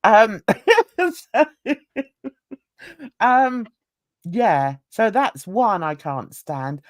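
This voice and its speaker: Animated woman chatting on a stream. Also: medium pitch, extremely slow, no echo, clean studio sound. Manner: animated, laughing, mimics other people's voices. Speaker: livestream panelist. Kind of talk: casual livestream chat.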